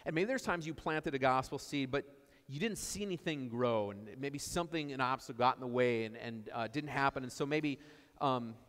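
A man's voice: medium pitch, brisk, a bit bright. Man preaching in a reverberant church. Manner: conversational storytelling, repeats key phrases. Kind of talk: sermon. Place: church sanctuary.

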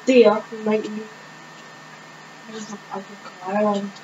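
A woman giving casual gameplay commentary on her own channel, thinking aloud in a hesitant way with many pauses and fillers. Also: mid-range voice, level tone, dull audio, background noise. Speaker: gaming channel host.

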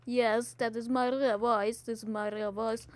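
Woman game host, slow-spoken, dramatic acted delivery, dry close sound. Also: fairly high pitch, little pitch movement, dry recording. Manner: theatrical, exaggerated, scolding game enemies; dramatic put-on recording voice. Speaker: gaming video host. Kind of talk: Minecraft let's play commentary.

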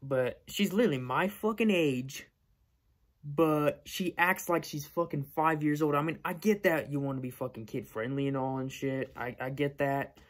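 A man's voice: on the high side, normal speed. A young man in his late teens ranting casually to camera, profane and blunt, repeating himself often. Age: young adult. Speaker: vlogger.

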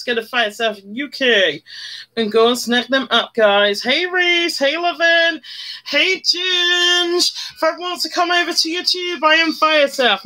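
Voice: high voice, sharp tone. A person chatting casually on a livestream while doing makeup, greeting viewers by name and humming along. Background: faint music.

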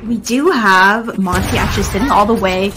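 A woman casting an esports match live, calmly pointing out details of the play. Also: mid-range voice, normal speed, noisy background. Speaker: esports caster. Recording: game music clearly behind.

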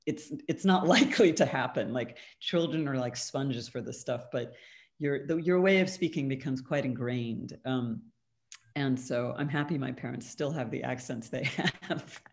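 A woman's voice: a bass voice, moderate pace, creaky, a little hiss or hum. A woman, a guest artist, answers audience questions in a thoughtful, conversational way over a video call. She hedges with "um" and "kind of" and laughs lightly.

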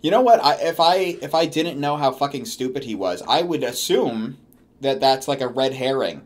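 A man's voice: mid-range voice, lively intonation, normal speed. A man giving comedic commentary on a story he is reading along with, sarcastic and swearing as he mocks it. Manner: sarcastic, swearing, mocking rants. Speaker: commentary host.

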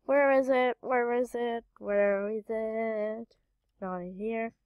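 A woman's voice: on the high side, fairly even intonation, slow pace, clean tone, no echo, narrow, tinny audio. A woman hosting a gaming channel, giving casual gameplay commentary and muttering to herself while she searches, with frequent exclamations.

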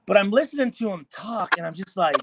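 A man in a hotel room on a video call, a former football player telling animated, profane stories in casual chat. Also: high-pitched, quick pace, gravelly, a little hiss or hum. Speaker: former NFL player guest.

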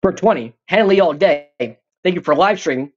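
A man's voice: high-pitched, lively intonation, normal speed, highs cut off. A man hosting a live stream, reading viewer comments in a profane, rambling, joking way.

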